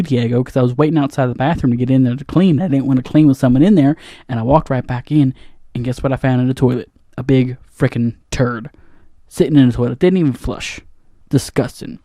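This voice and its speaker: A man's voice: medium pitch, fairly quick, mellow, no echo, studio quality. Rambling, flustered man ranting at a mic. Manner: flustered ranting with many restarts. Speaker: comedy podcast host playing a janitor. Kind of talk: rambling comic monologue. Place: studio booth. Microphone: studio microphone.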